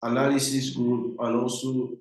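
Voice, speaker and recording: A man's voice: mid-range voice, flat delivery, normal speed, darkish tone. A man with a Nigerian English accent giving a trading lesson, emphatic and repetitive, often calling his viewers guys. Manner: emphatic, repeats points, addresses viewers as guys. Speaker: trading mentor. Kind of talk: instructional talk. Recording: very echoey room.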